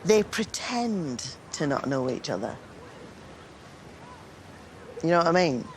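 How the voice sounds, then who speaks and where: A good-natured middle-aged mum who chatters and gushes. Her voice is lively and moves all over. Faint outdoor sound sits behind her. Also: low voice, takes it slowly, a little hiss or hum, exaggerated voice. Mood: chatty. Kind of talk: sitcom acting.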